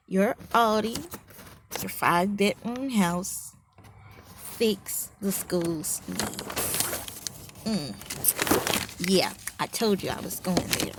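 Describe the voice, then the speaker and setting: A woman's voice: medium pitch, slight background noise. A woman educational consultant giving a leadership lesson, asking rhetorical questions, teasing her listeners and telling a fable. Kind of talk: motivational leadership lesson with storytelling.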